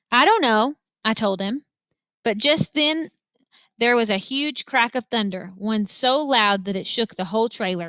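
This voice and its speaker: Bright-voiced woman teacher reading aloud. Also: medium pitch, no room sound. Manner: directs listeners to follow along, expressive read-aloud. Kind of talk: reading a novel aloud to students.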